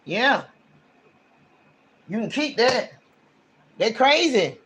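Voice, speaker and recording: Very high bright-voiced guy doing a tarot reading on a stream, blunt and slangy, rants a lot. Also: very animated, drawn-out words, a little hiss or hum. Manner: blunt, ranting, slangy and emphatic. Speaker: tarot reader. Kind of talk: casual livestream tarot reading.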